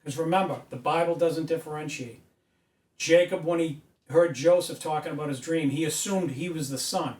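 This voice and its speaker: Picked up from afar by a camera mic in an echoey indoor room, a man preaches at a whiteboard, his emphatic lecture building to loud insistence. He has a fairly high voice and speaks at a moderate pace.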